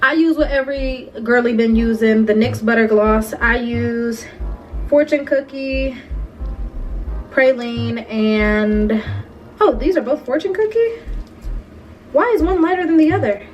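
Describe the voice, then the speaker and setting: A woman's voice: fairly high pitch, unhurried, long pauses, lo-fi sound. A young woman in her twenties chatting playfully through a casual makeup tutorial, talking straight to her viewers. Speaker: beauty vlogger. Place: bedroom at home. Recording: distant mic with music behind.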